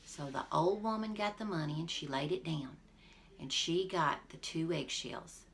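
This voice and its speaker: A woman teacher reading a folk tale aloud to her class, expressive and talking to the listeners directly. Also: low voice, moderate pace, creaky, a little hiss or hum. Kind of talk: storybook read-aloud for a class.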